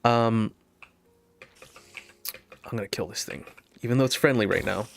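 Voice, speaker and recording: This gaming video host has a lowish, creaky voice and a moderate pace, with a little hiss or hum in the recording. He rambles through a story while playing, full of fillers and nervous laughter.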